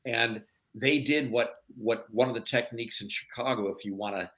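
Male interview guest, mid pitch, steady storyteller. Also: rough recording. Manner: measured, storytelling explanations. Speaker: documentary producer guest. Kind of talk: radio interview answer.

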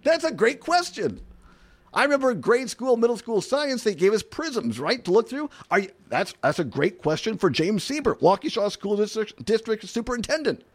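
A man hosting an opinionated talk radio show, incredulous and animated, often laughing and saying "I mean". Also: sits high, normal speed.

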